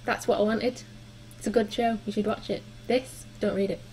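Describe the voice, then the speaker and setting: A woman's voice: mid-range voice, fairly even intonation, normal speed, a little mellow, slight background noise, low-quality recording. A young woman chatting casually through her book reviews, with frequent ums and likes. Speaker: book vlogger.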